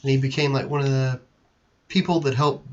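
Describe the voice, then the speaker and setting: A man's voice: medium pitch, fairly even intonation, fairly quick, darkish tone, muffled recording, slight background noise. A man co-hosting a casual live stream game, telling stories in a rambling, hesitant way with many restarts. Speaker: livestream co-host. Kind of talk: casual chat.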